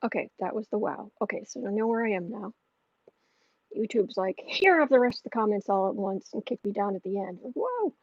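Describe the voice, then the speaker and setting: A woman's voice: mid-range voice, lively intonation, fairly quick, a little mellow, dry recording. Blunt, opinionated woman tarot livestreamer. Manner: blunt, opinionated, rambling with restarts. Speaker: tarot reader and channel host. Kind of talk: livestream reading viewer questions. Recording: dull lo-fi audio.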